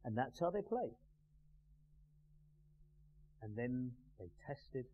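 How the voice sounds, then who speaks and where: A man teaching a live class in a measured, emphatic way, pausing and putting questions to the group. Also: mid-range voice, very animated. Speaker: NLP trainer. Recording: tinny phone-like sound with faint hum.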